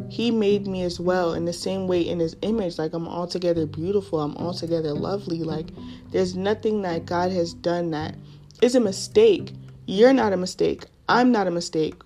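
A young woman telling her personal faith story on a podcast in casual, excitable speech full of fillers. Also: fairly low pitch. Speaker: podcast host.

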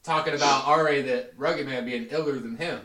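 Male podcast host, relaxed slangy chat, roomy distant recording. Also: medium pitch, a little fast. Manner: relaxed, prompts the others, profane slang. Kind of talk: casual chat.

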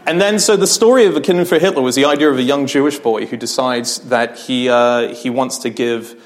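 A man telling stories as a guest on a live podcast in front of an audience, animated, acting out quoted people and laughing as he goes. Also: mid-range voice, a little fast. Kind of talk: live on-stage conversation, anecdotes.

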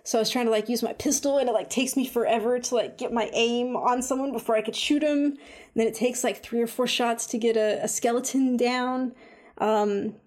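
A woman chatting casually about a game she has been playing, full of "like" and "um", animated when she retells her own reactions. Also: fairly high pitch, brisk. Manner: chatty, lots of fillers like "like" and "um". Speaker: video game reviewer. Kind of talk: casual chat.

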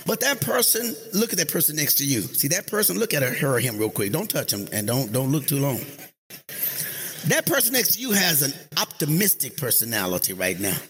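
A pastor preaching a sermon to his congregation, leading call-and-response and drifting into sung, chanted phrases that rise into high shouts. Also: sing-song, a little fast, slightly rough. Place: church sanctuary.

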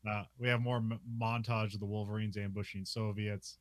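A podcast co-host chats his way through a movie's plot, peppering it with "uh" and "like" and breaking into frequent laughter. He speaks fairly quickly in a lowish, rather flat voice, with no echo in the sound.

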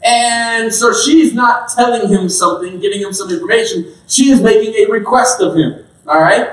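Chatty, joking high-voiced preacher. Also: male voice, moderate pace, hardly any pauses, fairly bright tone. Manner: chatty, joking, lots of "like" and "all right?". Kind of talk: casual sermon. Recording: roomy hall, from a distance.

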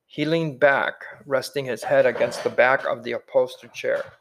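A man narrating a novel aloud in a calm, measured reading voice. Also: mid-range voice. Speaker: audiobook reader. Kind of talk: scripted narration.

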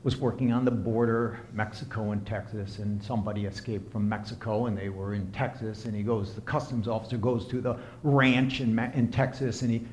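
A man preaching a sermon and counseling as he talks, impassioned, swinging from soft to emphatic. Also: fairly low pitch, fairly even intonation, brisk, hardly any pauses, a little hiss or hum. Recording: echoey room.

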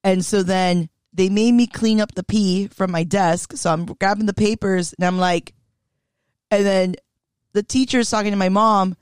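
A woman's voice: medium pitch, normal speed, smooth, no room sound, clean studio sound. A woman chatting casually on a podcast, telling a story with frequent laughter and acted-out quotes. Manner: animated storyteller who laughs often and acts out quotes. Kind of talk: casual chat.

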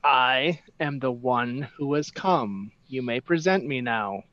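A man doing a solemn death cleric in a tabletop game, cryptic and calm. He speaks slowly, in measured and deliberate declarations. The sound is dry and a little dull. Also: medium pitch, no room sound.

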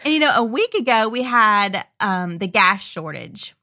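A woman co-hosting a casual chat, bubbly and quick to laugh. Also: medium pitch, expressive, pushed and bright. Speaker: podcast co-host.

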